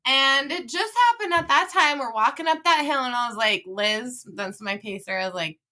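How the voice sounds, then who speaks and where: A woman's voice: high-pitched, normal speed. A young woman in her twenties, a podcast guest telling a funny story in casual chat, laughing often and acting out what people said. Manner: animated, laughing often, acts out quotes.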